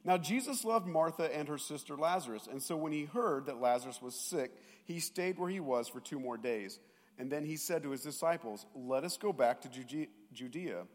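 Male pastor, lively sermon storytelling, slightly high voice, long reverb of a church hall. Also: fairly quick. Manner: animated storytelling, mocking voices of doubters, sometimes shouting. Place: church sanctuary.

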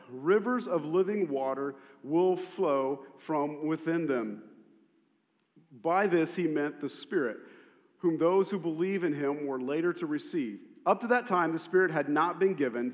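Animated high-voiced male preacher. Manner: animated storytelling with repetition. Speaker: pastor. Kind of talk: sermon. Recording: long hall reverb.

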